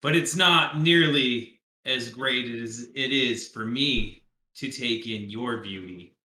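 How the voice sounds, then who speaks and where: A man in a tabletop role-play game voicing a male adventurer who woos a woman with slow, flowery compliments. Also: medium pitch, sharp tone, reverberant, poor audio. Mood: flattering.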